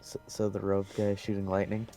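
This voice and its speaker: A man's voice: on the low side, monotone, brisk, warm tone, faint music behind. A man playing in an online tabletop game, wry and careful, repeating details back to check them. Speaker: player. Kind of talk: casual tabletop play over voice chat.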